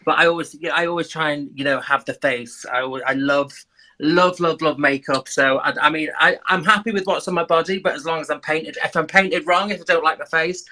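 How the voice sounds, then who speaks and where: A man's voice: on the high side, brisk, sharp tone, rough recording. A British man in his thirties, a drag queen guest, chatting playfully on an online audio call and laughing often. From Britain. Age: 30s. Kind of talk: casual interview chat.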